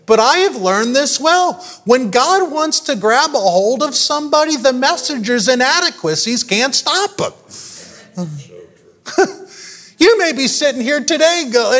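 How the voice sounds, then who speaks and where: A man preaching a sermon in a high, lively voice that swoops up and down. He speaks at an unhurried pace, throws rhetorical questions at the congregation and breaks into laughter often. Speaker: pastor.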